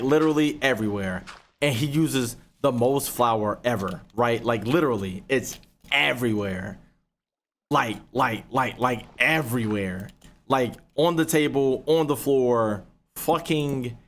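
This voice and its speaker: A young man, casually telling a profane, animated story while playing a game. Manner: profane, animated storytelling, rising pitch when retelling outrage. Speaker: gaming YouTuber. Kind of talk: casual storytelling over gameplay.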